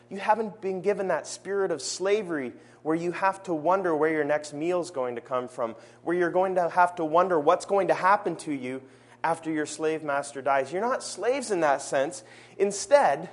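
Male preacher, fairly high voice, earnest sermon delivery that slows for emphasis at a church service. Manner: earnest, slows down to stress key phrases.

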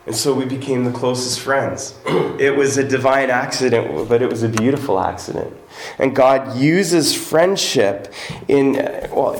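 Earnest man preaching in an echoey room. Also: medium pitch. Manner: earnest preaching, reads scripture with lifted, dramatic emphasis. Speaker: pastor. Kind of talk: sermon. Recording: echoey room with faint ambient noise.

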